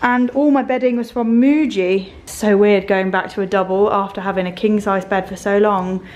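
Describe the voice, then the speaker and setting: A young woman in her twenties vlogging from her bedroom. Her voice sits at an everyday middle pitch, and she talks in a loose, rambling way, breaking into soft little laughs. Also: fairly even intonation, moderate pace. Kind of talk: casual chat to camera. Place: bedroom of a small flat.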